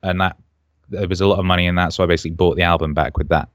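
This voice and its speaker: Low-voiced man from Wales telling stories. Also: rapid-fire, no echo, clean studio sound. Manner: animated anecdotes with quoted voices. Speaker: musician guest. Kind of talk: casual storytelling interview.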